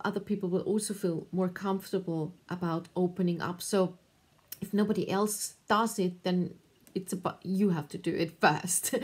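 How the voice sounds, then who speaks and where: A woman giving thoughtful, encouraging advice to camera, pausing often with fillers. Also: mid-range voice, a little mellow. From Austria. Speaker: artist and video creator.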